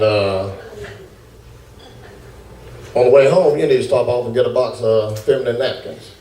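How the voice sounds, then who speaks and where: At a comedy club with a laughing audience, a man with a mid-range voice tells a fast, animated stand-up story, acting out his own panic. The recording is roomy, distant, and noisy.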